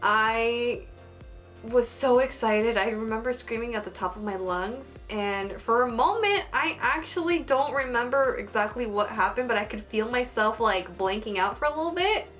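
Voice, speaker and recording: A young adult woman vlogging casually about an exciting experience, gushing and giggling, with lots of "like" fillers. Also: a little high, moderate pace, faint music behind. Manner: gushing, giggly, heavy use of "like".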